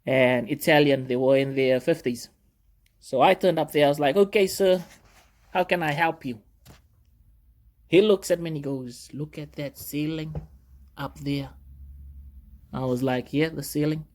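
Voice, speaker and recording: A man telling stories from his job in ship security, rambling along in a relaxed way. He fills his sentences with ums and uhs, and his voice sits in a medium pitch. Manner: rambling, with frequent fillers. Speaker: cruise ship security officer. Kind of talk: casual storytelling monologue.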